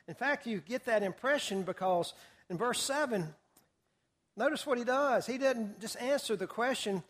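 A man preaching through a Bible passage verse by verse, telling the story in a lively way and putting questions to his listeners. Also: very high-pitched, normal speed. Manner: animated storyteller, asks the audience questions. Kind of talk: expository Bible teaching.

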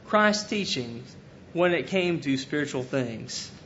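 A man preaches a sermon slowly and expressively, his voice a bit bright. He earnestly retells scripture, paraphrasing it in casual everyday language, on a dull lo-fi recording with a faint rumble.

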